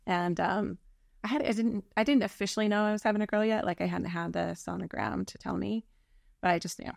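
Earnest woman with a gravelly edge. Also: mid-range voice, fairly even intonation, brisk, darkish tone, no room sound, studio quality. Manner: earnest, reflective, with many restarts. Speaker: birth mother guest. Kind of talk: candid storytelling conversation.

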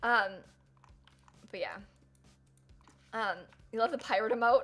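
A woman's voice: a little high, animated, measured pace, pauses often, fairly bright tone, slightly rough. A young woman streaming live, chatting casually and rambling with lots of fillers as she reads chat and thanks viewers.

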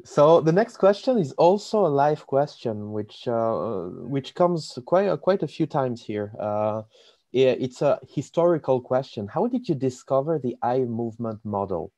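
A man's voice: medium pitch, expressive, unhurried, mellow, no echo. A man hosting and moderating a live question session, speaking politely with hesitant fillers. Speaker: host.

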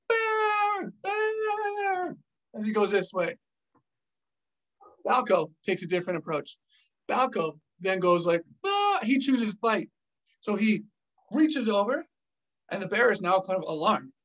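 Animated storyteller acting out scenes. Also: mid-range voice, far from the mic, rough recording. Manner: animated, acts scenes out with gestures. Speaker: former army officer telling a story. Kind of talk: storytelling vlog.

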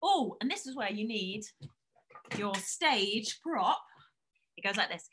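A woman teaching a song to children, speaking in an energetic, sing-song way. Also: on the high side, normal speed, a little hiss or hum. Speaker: singing teacher. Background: piano.

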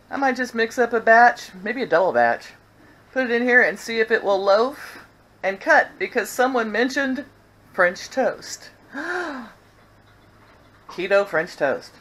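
A woman's voice: on the low side, a little hiss or hum, low-quality recording. An older woman vlogging casually at home, chatty and giggly as she talks. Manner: chatty and giggly, lively sing-song.

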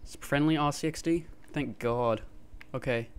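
A man giving live gameplay commentary through a gaming headset, excitable and quick to yelp and laugh in fights. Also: mid-range voice, smooth. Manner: excitable, frequent yelps and laughs during fights. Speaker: gamer.

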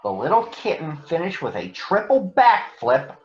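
A man reading a picture book aloud to children in a gentle, expressive way. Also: on the high side, moderate pace. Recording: echoey, muffled room recording.

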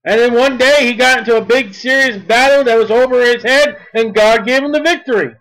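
A man with a very high voice delivers a sermon. He reads verses slowly and deliberately, then presses his points with emphasis. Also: a bit bright, rough recording. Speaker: preacher.

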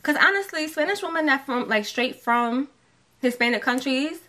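New York woman, co-host, bright high voice, insistent and argumentative. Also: animated. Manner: emphatic, insistent, quick to argue. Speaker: podcast co-host. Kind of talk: casual argumentative chat.

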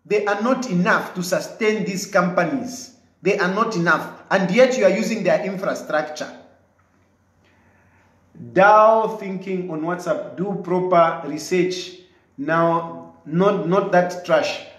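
A man with a Zambian English accent argues his case hard, hammering the same points again and again. His voice sits high for a man. The sound carries a roomy echo. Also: takes it slowly, a bit bright. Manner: emphatic, combative, repeats his points. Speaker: commentator answering viewers' comments. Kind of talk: live commentary replying to viewer comments.

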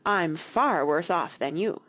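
A woman's voice: lowish voice, lively intonation, takes it slowly, a bit bright, breathy edge, heavily acted. A woman voicing a sulky, grave boy twin who talks in a solemn, complaining way.

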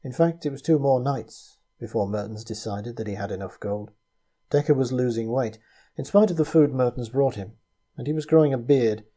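A man narrates a story in a measured, steady way. His voice is very dark and mellow, with a husky grain to it. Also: medium pitch. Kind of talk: scripted narration.

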